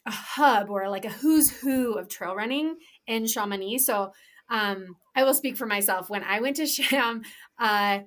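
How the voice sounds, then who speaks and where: A woman co-hosting a podcast, chatting casually with a slightly high voice. She is enthusiastic and rambles through her explanations, restarting sentences and filling gaps with "um" and "like.". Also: unhurried, a bit bright. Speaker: podcast co-host and professional trail runner.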